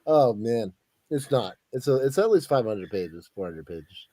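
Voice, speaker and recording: A man's voice: mid-range voice, very animated, measured pace, mellow, no echo. A man hosting a casual podcast chat, laughing often and teasing his co-host.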